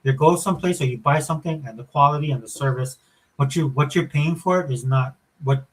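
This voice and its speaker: A middle-aged man on a podcast, telling stories in a rambling, animated way. His voice is fairly high and slightly husky, and the words tumble out quickly. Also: poor audio. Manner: rambling, animated storyteller with many fillers. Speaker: podcast co-host. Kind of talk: casual chat.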